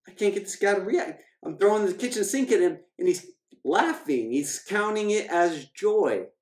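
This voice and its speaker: A man's voice: sits high, lively intonation, moderate pace, darkish tone, roomy sound, voice pushed up. A man voicing the devil as a frustrated bully who complains that he cannot get a reaction. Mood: exasperated.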